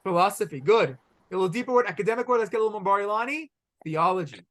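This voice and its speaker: A middle-aged rabbi teaches a halacha class, energetically quizzing students and pronouncing Hebrew words the Israeli way. His voice is high-pitched, expressive, very fast, and fairly bright. It's a classroom lecture with questions put to the students.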